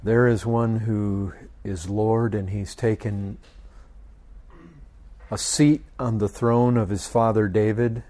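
Guy preaching a sermon, real slow, deliberate, leans on the pauses. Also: lowish voice, warm tone. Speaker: pastor.

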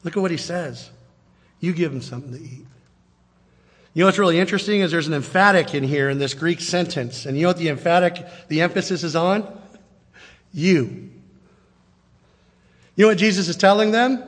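Animated preacher man in a reverberant hall. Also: high-pitched, brisk, long pauses. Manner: conversational, animated, acts out quotes. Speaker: pastor. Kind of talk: sermon.

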